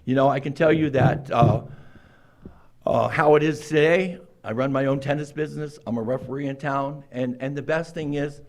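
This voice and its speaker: A man in his sixties telling his own recovery story to a meeting, acting out quoted lines with sudden jumps in pitch and loudness. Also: steady tone, normal speed. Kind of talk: personal recovery story told to a group.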